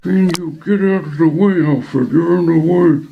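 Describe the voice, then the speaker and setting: A man's voice: on the high side, fairly even intonation, a little slow, gravelly, pitched above the performer's own voice. A man voicing an impatient young masked hero. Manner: impatient, snappy. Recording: tinny phone-like sound with faint noise.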